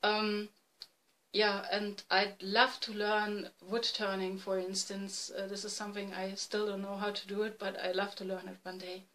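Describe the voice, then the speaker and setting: A woman in her forties from East Germany with a German accent, hosting a casual podcast in halting, self-correcting English. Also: mid-range voice, level tone, fairly bright tone, low-quality recording. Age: 40s. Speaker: podcast host. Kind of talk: casual video podcast chat. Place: home room, dim light.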